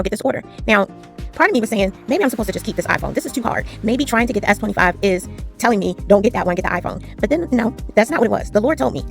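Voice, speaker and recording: A woman chatting casually while she strings beads, telling a long story with lively retellings. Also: medium pitch, vocal fry. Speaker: jewelry-making vlogger. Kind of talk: casual chat while beading.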